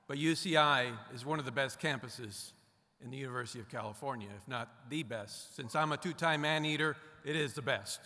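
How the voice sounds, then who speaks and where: A man's voice: a little high, sharp tone, in a large hall. A middle-aged man giving a formal, earnest commencement speech at a podium, stressing his key phrases by repeating them. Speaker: commencement guest speaker.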